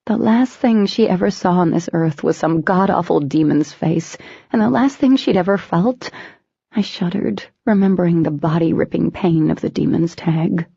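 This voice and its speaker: A woman's voice: on the low side, creaky, mellow, slightly rough, no echo. A woman reading a novel aloud in first person, with dramatic, tense storytelling. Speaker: audiobook narrator. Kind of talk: first-person scripted narration. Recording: dull lo-fi recording.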